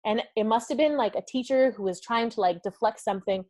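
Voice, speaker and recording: Bubbly, fast-laughing woman hosting live. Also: on the high side, no room sound. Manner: energetic and effusive, laughs often; talks directly to viewers and reads comments aloud. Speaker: summit host. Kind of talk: live-streamed motivational talk.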